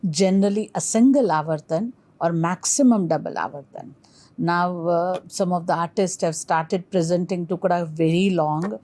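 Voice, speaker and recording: A woman's voice: lowish voice, mellow. A middle-aged woman with an Indian English accent gives a recorded lecture, explaining terms and reciting rhythm syllables aloud.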